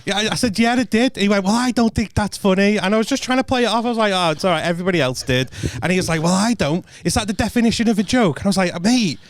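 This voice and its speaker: A man's voice: high-pitched, animated, quick pace, hardly any pauses. A male comedian on a casual podcast, telling a story with lots of stammered restarts and swearing. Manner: stammering restarts, heavy swearing, laid-back. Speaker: stand-up comedian guest.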